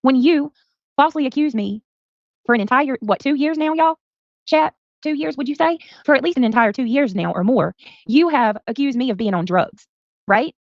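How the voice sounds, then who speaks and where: A woman's voice: high voice, moderate pace, no room sound. Furious, profane woman streamer. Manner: confrontational, profane, sarcastic. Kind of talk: angry livestream rant. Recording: dull lo-fi stream audio.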